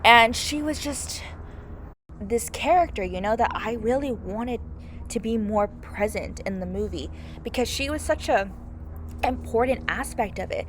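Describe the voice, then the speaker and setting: A woman's voice: a little high, unhurried. A young woman giving a casual, gushing movie review, peppered with "like" and "oh my God", over faint background noise. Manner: gushing, heavy use of "like" and "oh my God".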